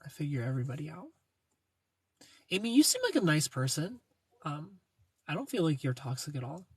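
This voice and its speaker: A man's voice: fairly high pitch, very animated, a little fast, breathy edge, no echo. A young man hosting a casual livestream, reading viewer comments and joking playfully, greeting people by name. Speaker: livestream host reading chat.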